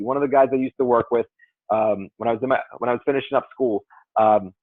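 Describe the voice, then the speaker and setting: A man's voice: medium pitch, breathy edge. A male fitness coach talks through calorie math in a loose, rambling way, sounding things out as he goes. His voice comes over a thin, phone-like line. The sound is dry, with no room echo. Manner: rambling, conversational, works through numbers aloud. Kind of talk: casual coaching explanation. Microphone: call audio.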